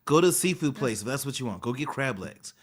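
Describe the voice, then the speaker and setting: A man's voice: mid-range voice, very animated, quick pace, slightly rough. A man co-hosting a casual podcast, voicing firm opinions and acting out quoted people with laughter. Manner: emphatic, opinionated, acts out quoted voices with laughter. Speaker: podcast co-host.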